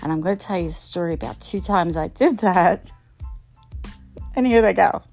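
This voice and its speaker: With a lowish, creaky, slightly mellow voice at a normal pace, a middle-aged woman tells comic stories about things she got wrong. She's self-mocking, laughs often, and acts out the people she quotes, while faint music plays behind her as she hosts.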